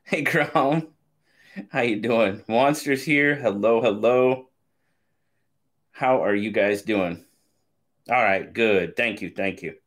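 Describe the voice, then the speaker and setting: A man's voice: fairly low pitch, slow pace, long pauses. Man, live-stream host, upbeat and chatty, slightly out of breath, cheerful whoops. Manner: upbeat, greets viewers by name, excited whoops. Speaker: knife channel host. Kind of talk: casual live-stream chat.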